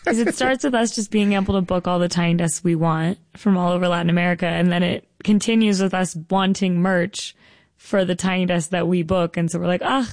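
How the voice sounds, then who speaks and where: A woman's voice: lowish voice, fairly even intonation, fairly quick, a little mellow, no echo. A woman co-hosting a music radio show, chatty, teasing and self-deprecating. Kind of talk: casual radio chat.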